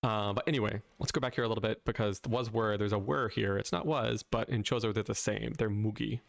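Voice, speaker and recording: Brief: male linguistics video host, light Southern American accent, gravelly low voice, dry close sound, conversational and explanatory. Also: fairly even intonation, fairly quick, no room sound. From southern United States. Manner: conversational, checks in with "right?" after points. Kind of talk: casual explainer.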